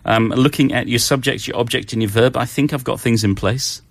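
A man's voice: medium pitch, steady tone, fairly quick. A man co-hosting a casual language show, talking in a chatty, teasing and playfully self-deprecating way. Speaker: co-host.

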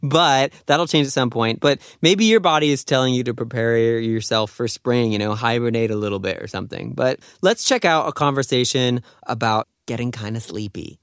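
A man's voice: mid-range voice, moderate pace, hardly any pauses, a bit bright, clear, resonant tone, no room sound, clean studio sound. A man hosting a radio language lesson in an upbeat, casual, chatty way. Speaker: radio host and Korean teacher. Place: radio studio.

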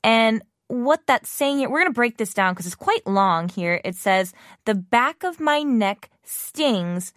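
A woman's voice: fairly high pitch, lively intonation, a little slow, a bit bright, no room sound, clean studio sound. A woman hosting a casual language lesson, chatty and upbeat, explaining with plenty of fillers. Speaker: Korean language teacher and show host.

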